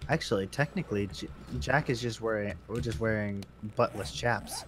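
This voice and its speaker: A man's voice: lowish voice, normal speed, fairly bright tone, a little hiss or hum. A man chatting casually while playing a game with friends, laid-back and a little teasing. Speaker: co-player. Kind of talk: casual gaming chat.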